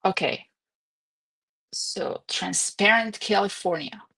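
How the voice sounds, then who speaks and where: A woman's voice: mid-range voice, takes it slowly, creaky, pushed and bright, husky. Woman in her twenties or thirties, casual stream host, rambling chatty delivery, recorded at home. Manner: chatty, rambling, laughs often. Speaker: livestream host. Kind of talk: casual livestream chat.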